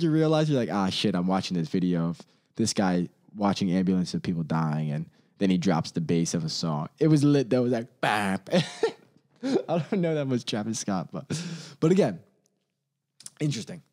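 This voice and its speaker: A man ranting casually on his own, rambling and profane, laughing often and quickly mimicking others. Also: low-pitched, big pitch swings, a little mellow. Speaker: solo commentator.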